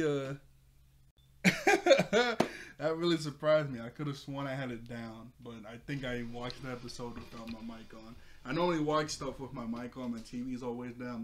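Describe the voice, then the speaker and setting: A man's voice: mid-range voice, slight background noise. A young man hosting his own cartoon episode review, retelling the plot casually with frequent laughs and filler. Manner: rambling, laughs often, loose filler-heavy retelling. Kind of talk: casual recap talk.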